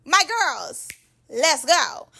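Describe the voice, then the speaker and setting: A woman putting on the voice of a brash, defensive woman hosting a reality show, loud and sassy. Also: high-pitched, very animated, drawn-out words, creaky, heavily acted. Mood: hyped. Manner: loud, sassy, talks down to others.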